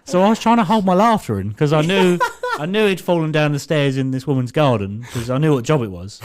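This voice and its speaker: Young man, podcast co-host, giggly casual storyteller, a bit higher-pitched. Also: lively intonation, fairly quick, background noise. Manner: laughs through his story, swears a lot.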